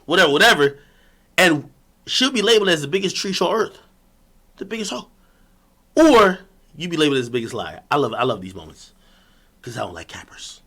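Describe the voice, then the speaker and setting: A high, lively, mocking man ranting. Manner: mocking, boastful and combative, swinging between loud taunts and low muttered asides. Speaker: streamer. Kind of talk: ranting monologue.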